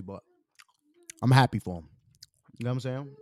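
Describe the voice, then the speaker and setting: A man hosting a casual livestream, talking in animated slang while eating. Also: medium pitch, moderate pace, pauses often, no room sound. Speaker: livestream host.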